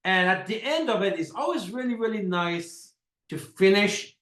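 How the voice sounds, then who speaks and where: A man's voice: high-pitched, expressive, normal speed, a bit bright, reverberant, rough recording. A man leading a network marketing training, talking emphatically with lots of repetition and stretched-out key words. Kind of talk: motivational sales training talk.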